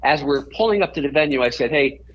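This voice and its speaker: A man's voice: a little high, expressive, quick pace, dull audio, slight background noise. A man, a podcast guest, telling a story in a rambling way and often correcting himself mid-sentence.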